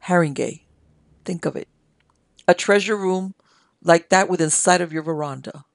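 A reader voicing a delirious army major who raves and pleads in a feverish confession, with a gravelly edge. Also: medium pitch, normal speed, dry recording, lightly acted. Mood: raving, boastful. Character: delirious army major, guilt-ridden man.

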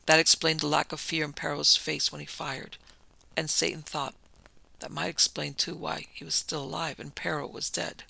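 Gravelly man reading a story aloud. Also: a little high, pushed and bright, no echo. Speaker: audiobook narrator. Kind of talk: storybook reading of a pulp detective tale.

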